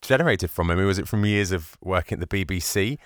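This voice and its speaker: A man's voice: deep voice, fast talker, no room sound, clean studio sound. A man hosting an interview, curious and laughing along as he asks his questions. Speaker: interviewer, host.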